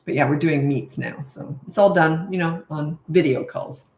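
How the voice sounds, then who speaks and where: A woman's voice: low-pitched, normal speed, darkish tone, a little hiss or hum. Frank, chatty woman in an echoey room. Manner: frank and chatty, laughs at herself. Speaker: parenting coach. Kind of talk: casual live Q&A chat.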